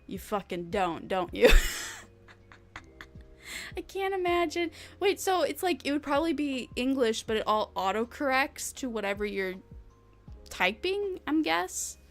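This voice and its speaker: A woman's voice: high voice, sing-song, a little slow, faint music behind. A young woman streamer chatting casually with her viewers, rambling, laughing often and swearing freely.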